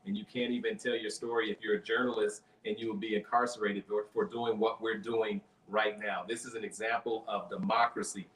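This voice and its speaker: A man's voice: fairly low pitch, level tone, fairly quick, few pauses, a bit bright. Brief: male host, earnest and rambling, echoey distant sound. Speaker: talk show host. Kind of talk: conversational show hosting.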